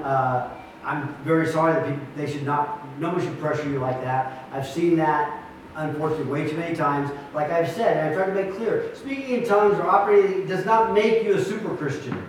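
A man's voice: a little high, fairly quick, slight background noise. A man pastoring a church, teaching his group in an earnest, emphatic way, with many restarts. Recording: echoey room, mic far off.

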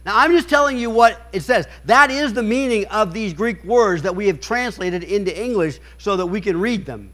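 Male preacher, high voice, emphatic, stumbling reader. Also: expressive, normal speed, few pauses, fairly bright tone. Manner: emphatic, rhetorical questions; stumbles and restarts while reading aloud. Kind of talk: sermon with scripture reading.

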